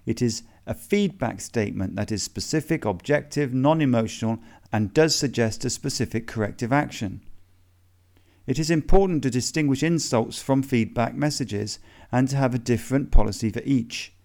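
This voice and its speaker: A man reading a self-help lesson aloud in a measured, methodical question-and-answer way. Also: medium pitch, gravelly, darkish tone.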